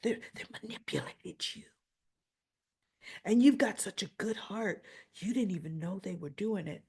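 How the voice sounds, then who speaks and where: A woman putting on the voice of a soft-spoken, manipulative man who talks in a breathy half-whisper. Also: mid-range voice, animated, unhurried.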